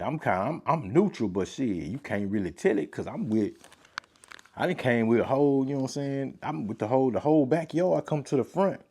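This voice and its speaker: A man spinning a loose, profane tale in a medium-pitched voice. He leans on filler phrases and street slang, and gets louder and livelier as the story heats up. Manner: animated, rising louder in tense moments. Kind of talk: casual personal storytelling.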